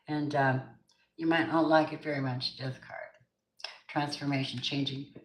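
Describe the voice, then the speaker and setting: Low-voiced woman reading tarot live. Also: fairly even intonation, normal speed, echoey room, rough recording. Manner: emphatic, repeats affirmations; chatty, greets viewers by name. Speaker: tarot reader. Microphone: camera mic on a live stream.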